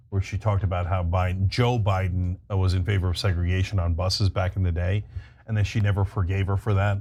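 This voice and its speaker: A man's voice: low voice, a little mellow, a little hiss or hum. A man hosting a political talk show, giving heated, sarcastic commentary and mocking others. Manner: sarcastic, mocks others in exaggerated voices.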